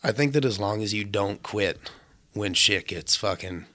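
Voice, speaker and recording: A man's voice: fairly low pitch, normal speed, sharp tone. A young man, a welder, telling blunt, swear-heavy stories in casual podcast chat.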